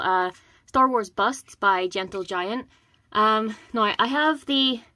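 Slightly breathless, a young woman eagerly presents her collection in a casual vlog, repeating words and saying um often. Her mid-range voice sounds pushed and bright. The recording is dry and studio quality.

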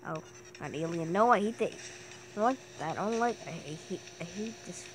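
Brief: female gamer host, casual play-by-play, lively pitch, easily startled into shrieks, talks to herself. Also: normal speed, background noise. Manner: excitable, bursts into shrieks and yelps; talks to herself while playing. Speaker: gaming channel host. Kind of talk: casual gameplay commentary.

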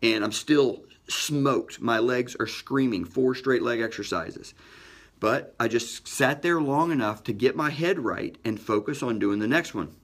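A middle-aged man hosting a motivational podcast, telling a personal story with energy and emphatic shifts in pitch and pace. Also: expressive, a little slow.

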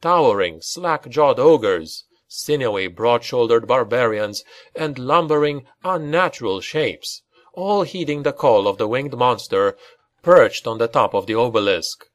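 A man narrating a dark fantasy audiobook in a grave, dramatic storytelling manner. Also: medium pitch, animated, unhurried.

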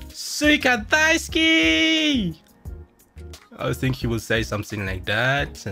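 A young man streams from a home setup into a desk mic, pretending to be someone else. His voice is bright and forward, and he speaks at a slow, loose pace. He reads chat questions aloud and answers with goofy jokes. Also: medium pitch, gravelly. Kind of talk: playful live-stream chat, impersonating another streamer.

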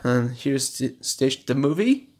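A man at home casually showing off his DVD collection, reading out running times in a halting, stumbling way. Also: mid-range voice, big pitch swings. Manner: shouts at noisy kids, then apologizes. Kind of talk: casual home video show-and-tell. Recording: faint background noise.

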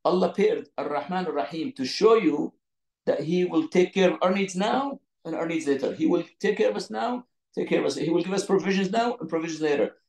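A man teaching an online Quran lesson over a video call from his phone, explaining with lots of repetition and quick restarts. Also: sits high, expressive, a little mellow, roomy sound, rough recording. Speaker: Islamic teacher.

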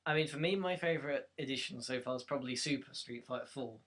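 A young man talks in a loose, chatty way as a co-host of a casual chat show. He laughs often and drops quick asides as he goes. His pitch sits in the middle range for a man. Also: fairly bright tone. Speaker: podcast co-host.

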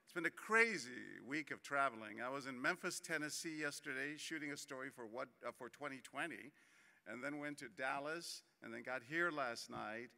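A man's voice: medium pitch, moderate pace, creaky, pushed and bright. A man from Texas giving a conference keynote speech, chatty and joking at first, then earnest. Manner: chatty, jokey storyteller turning earnest. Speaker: keynote speaker. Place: large conference hall. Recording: reverberant hall.

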